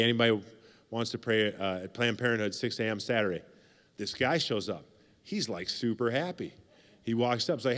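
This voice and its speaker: Man, 40s, keynote speaker at a banquet; casual and joking, mid-pitched voice, leans on repetition. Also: fairly bright tone, big-room sound. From United States. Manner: casual, joking, repeats phrases for emphasis. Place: banquet hall.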